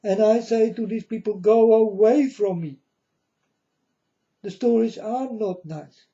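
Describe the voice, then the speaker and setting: Man, rambling preachy monologue, slightly high voice, muffled lo-fi sound. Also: dark tone. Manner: slow, repetitive, preachy, addresses viewers as folks. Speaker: self-styled prophet. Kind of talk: rambling religious monologue to viewers. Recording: dull lo-fi sound.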